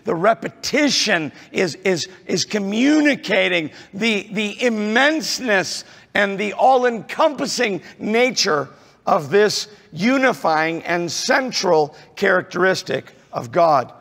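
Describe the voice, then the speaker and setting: Male pastor, slightly high, unhurried sermon delivery full of "uh" and "um", fades soft then swells. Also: expressive, creaky, slightly rough. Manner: halting, many fillers, drops to near-murmur then rises. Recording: long reverb of a large hall.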